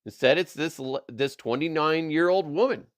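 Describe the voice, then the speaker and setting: In a fairly high voice at normal speed, a middle-aged man hosts a podcast about odd news, keeping it casual and comedic with plenty of profanity, laughter, and goofy voices.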